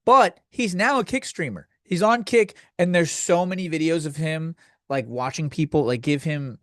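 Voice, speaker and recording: A man's voice: fairly high pitch, normal speed, no echo, studio quality. A man hosting a comedy podcast, ranting in a crude, sardonic, rambling way. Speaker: podcast host. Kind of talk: comedic rant.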